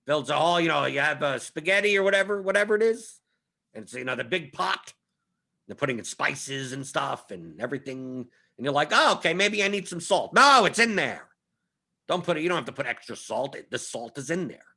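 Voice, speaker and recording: A man's voice: mid-range voice, lively intonation, brisk, gravelly, sharp tone. A young adult man hosting a fantasy sports live stream, chatting casually and emphatically, repeating his points and often asking "right?". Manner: emphatic, repetitive, conversational with frequent "right?". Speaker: fantasy sports analyst host.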